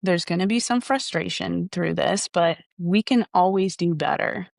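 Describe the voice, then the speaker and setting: A woman's voice: on the low side, moderate pace, creaky, no echo, studio quality. A young woman, a golf coach, answering interview questions in an earnest, thoughtful way.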